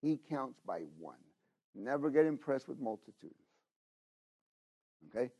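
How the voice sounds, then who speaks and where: A middle-aged man preaching a sermon, talking straight to the congregation and swinging between loud exhortation and hushed asides. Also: medium pitch, very animated, a little slow, highs cut off. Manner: talks to the congregation directly, with frequent "you know?" and "okay?".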